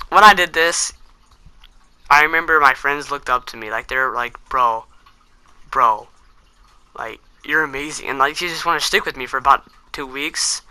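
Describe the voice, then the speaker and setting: A teenage boy rambles through a story for his vlog, mocking himself and leaning on fillers. His voice is very bright and sharp, and it sounds close and dry with no room around it. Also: mid-range voice, no room sound. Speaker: vlogger. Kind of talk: casual storytelling to camera.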